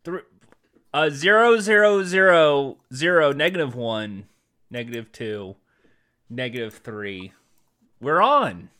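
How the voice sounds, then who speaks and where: A man's voice: medium pitch, lively intonation, slow, pauses often, bright, forceful tone, clean tone. A man hosting a comedy podcast, rambling and bumbling through an improvised sketch. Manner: rambling, mock-serious, bumbling. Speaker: podcast host.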